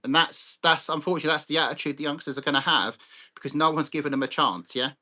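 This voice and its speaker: A man's voice: a little high, fairly even intonation, quick pace, pushed and bright. A man hosting a live chat stream. He talks bluntly, swears freely and greets viewers by name. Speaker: livestream host.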